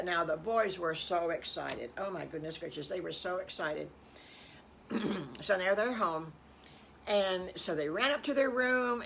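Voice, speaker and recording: An older woman improvises a children's story, speaking very slowly in a somewhat low voice. She is folksy and breaks off for chuckling asides to her young listeners. A faint hiss sits under the voice. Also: gravelly, a bit bright.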